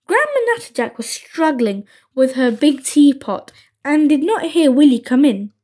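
Slow, expressive woman storyteller. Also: sits high. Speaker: narrator. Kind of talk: children's storybook narration.

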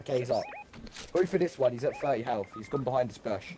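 A man's voice: medium pitch, expressive, fast talker, mellow. A man with a British accent chatting casually while playing a game with friends, with dry, teasing banter. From Britain. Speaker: gaming teammate. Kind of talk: casual gaming chat.

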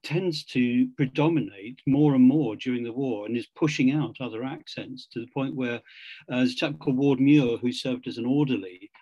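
A man on a book-launch panel, speaking in an academic discussion, halting with many ums and repeated words, on a video call. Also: medium pitch, dark tone, no room sound. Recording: dry, dull video-call audio.

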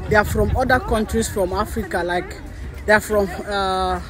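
Holding her phone at an outdoor market, a woman chats with viewers in a casual walking vlog, laughing often. Her medium-pitched voice is steady at a moderate pace, with crowd noise and music playing underneath.

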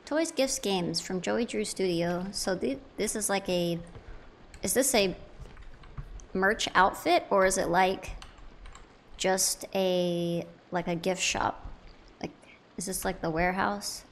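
A woman's voice: medium pitch, takes it slowly, pauses often, slight background noise. Playful young woman chatting through a game. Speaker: let's play gamer. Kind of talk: casual gameplay commentary.

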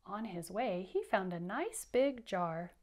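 A woman's voice: mid-range voice, expressive, slow. A woman teacher leading an interactive children's read-aloud, patient and encouraging as she counts along with the kids.

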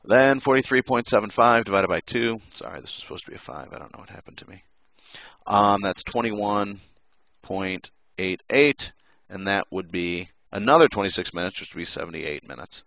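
A man's voice: on the low side, lively intonation, normal speed, gravelly, no room sound, muffled recording. A male teacher giving a casual recorded lesson, joking and making playful sound effects.

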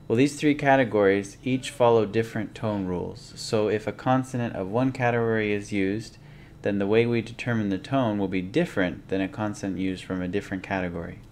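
A man's voice: lowish voice, a little fast, darkish tone, a little hiss or hum. A man teaching a language lesson, explaining rules patiently and methodically and stepping through examples one by one.

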